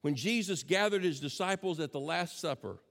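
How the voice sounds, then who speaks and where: A pastor preaching a sermon with passion, swinging between loud declarations and hushed, intimate asides. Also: male voice, fairly high pitch, moderate pace, vocal fry, long reverb tail.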